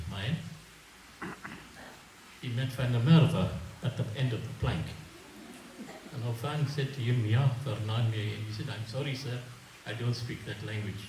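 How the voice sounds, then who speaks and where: An older man from South Africa spins a funny anecdote for the wedding guests. His voice sits at an ordinary pitch, caught at a distance in a reverberant hall with a faint hum of room noise. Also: a little mellow. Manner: storytelling, humorous, reflective. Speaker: wedding reception speaker, family elder. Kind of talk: after-dinner speech with anecdotes. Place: reception hall. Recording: echoey hall, mic from far off.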